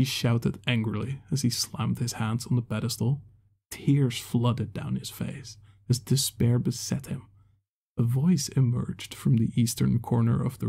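A man narrates a fantasy short story in a steady, measured way. His voice is gravelly and mellow, with a husky edge. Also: medium pitch. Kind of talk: scripted narration.

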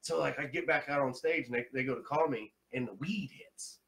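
A male comedian telling a story in a casual chat, animated and swearing freely, acting out the people he quotes. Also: mid-range voice, a little fast, gravelly, low-quality recording. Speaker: comedian guest.

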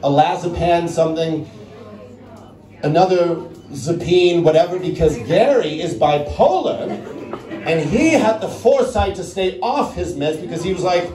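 A man's voice: fairly high pitch, lively intonation, a little slow. A man with an American accent telling a long story on stage as a stand-up comedian, chatty and conversational, often tagging lines with "right?". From Netherlands. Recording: echoey room, from far off, crowd. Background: audience laughter.

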